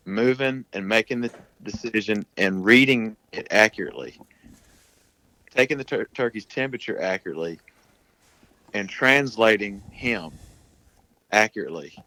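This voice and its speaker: A man's voice: on the low side, a bit bright, no room sound, low-quality recording. A man talking casually as a podcast guest, explaining at length in a plain-spoken way. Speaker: guest, turkey hunter.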